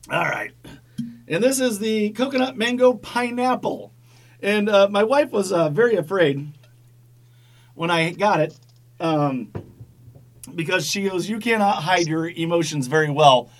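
A man's voice: sits high, expressive, measured pace, long pauses. A man hosting a podcast in casual chat, rambling and swearing, with many fillers. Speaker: podcast host.

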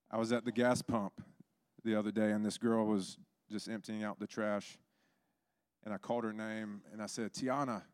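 Low-voiced man preaching a sermon. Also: no room sound, studio quality. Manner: storytelling, acts out quoted voices.

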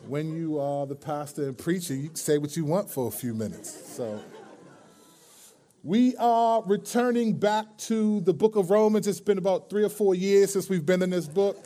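A male pastor gives a loose, conversational sermon. His voice sits fairly high for a man. He jokes and tells stories, often restarting his sentences. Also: moderate pace, mellow. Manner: joking, storytelling, chatty with many restarts.

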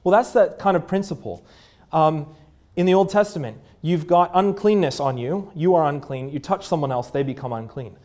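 A man in his thirties preaching a sermon in a conversational way, with fillers, dropping to a hushed voice at tender moments. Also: a little high, normal speed. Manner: drops to a hushed voice at moving moments. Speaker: pastor.

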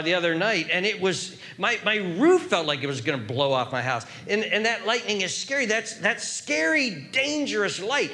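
High, bright-voiced male preacher. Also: creaky. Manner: dramatic, repetitive emphasis, dropping to hushed whispers. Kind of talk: sermon.

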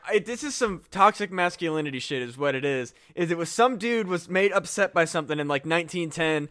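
Bright-voiced joking podcast co-host man. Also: on the high side, animated, fairly quick, smooth. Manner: profane, joking, laughs often. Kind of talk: casual comedic chat. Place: Midwest US.

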